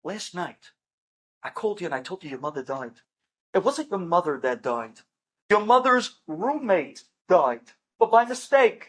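A man voicing a nursing-home nurse, a woman, confessing a mistake in a hushed, hesitant voice. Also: sits high.

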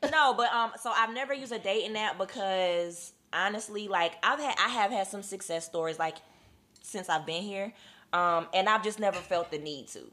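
A woman co-hosting a casual chat, talking in a measured, reflective way. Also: mid-range voice, bright, forceful tone. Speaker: podcast co-host.

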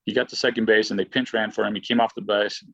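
A former baseball player appears as a guest, telling a long personal story in a loose, casual ramble packed with fillers and restarts, often acting out what he said and thought back then. His voice is fairly low, gravelly, slightly rough and fairly bright, delivered flat and fast. The audio is dull with no room sound.

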